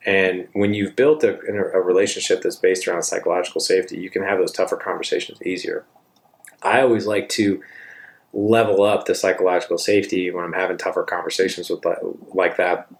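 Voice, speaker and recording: A middle-aged man with a low, deep voice talks through parenting advice in an easygoing, chatty way. He often drops in "like" and "man" as he acts out his side of conversations with his kid. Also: fairly quick. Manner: relaxed and conversational, with frequent "like" and "man". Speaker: father giving parenting advice. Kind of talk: casual advice talk with reenacted dialogue.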